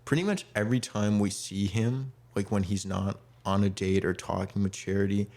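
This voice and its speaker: This young podcast co-host has a fairly low, slightly mellow voice and talks at a moderate pace. His casual chat meanders with many fillers, and he acts out quotes.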